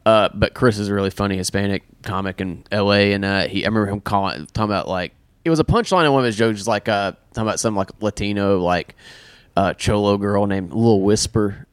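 A man's voice: fairly low pitch, brisk, clear, resonant tone, no echo. A man who co-hosts a podcast, joking in casual chat with a loose, profane way of talking. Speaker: podcast co-host and comedian.

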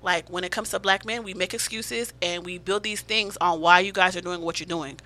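A woman's voice: fairly low pitch, fairly even intonation, brisk, bright, forceful tone. A woman guest on a podcast, arguing her point emphatically in a heated casual discussion. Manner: emphatic, insistent, interrupts back.

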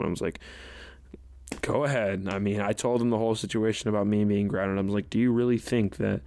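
A man's voice: fairly low pitch, level tone, moderate pace, pauses often, a little mellow, no room sound. A young man hosting a podcast, telling a personal story in a casual, rambling way, full of fillers and restarts. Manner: rambling, many fillers like "you know" and "like". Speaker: podcast host.

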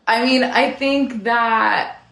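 A woman's voice: a little high, fairly even intonation, slow pace, vocal fry, a bit bright, echoey room. A woman on a talk panel, rambling wryly with many "like" fillers. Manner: rambling, full of "like" fillers, wry. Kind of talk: casual political discussion.

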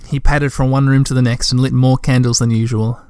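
A man's voice: mid-range voice, little pitch movement, fairly quick, a little mellow, clean tone, no echo, clean studio sound. A man reading a children's book aloud, breaking off for chatty asides to listeners. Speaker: reader.

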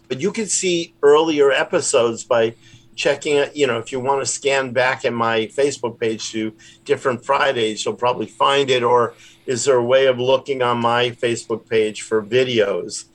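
A man's voice: medium pitch, normal speed. A man, a rabbi and puppeteer, chatting casually in an interview in a rambling, self-deprecating way. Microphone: remote call.

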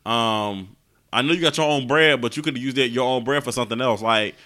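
A man co-hosting a casual podcast, animated and quick to laugh, with his voice jumping high when he makes a point. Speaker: podcast co-host. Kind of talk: casual chat.

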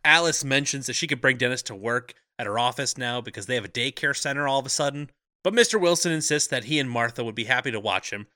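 Bright-voiced man, easygoing recapper. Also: medium pitch, expressive, fast talker, few pauses, no room sound, clean studio sound. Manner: laughs often, easygoing recapping. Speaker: podcast co-host. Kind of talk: casual movie recap chat.

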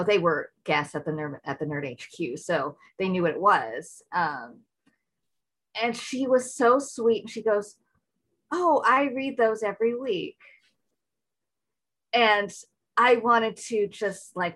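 A woman's voice: fairly low pitch, bright, forceful tone, low-quality recording. A woman in casual interview chat, telling an eager, rambling fan story with many restarts. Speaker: fan recounting meeting an actor.

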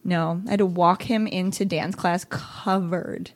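A woman co-hosting a parenting podcast, telling stories in an animated, laughing, casual way. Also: on the low side, a little slow. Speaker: podcast co-host. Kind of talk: casual chat.

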